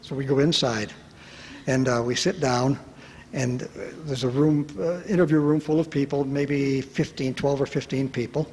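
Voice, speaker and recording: Lively man telling stories in a reverberant hall. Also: medium pitch, normal speed. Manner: lively, self-mocking storyteller who acts out quoted voices. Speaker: speaker at a retreat. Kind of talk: storytelling talk to an audience. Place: large hall at a retreat. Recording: reverberant hall with faint background noise.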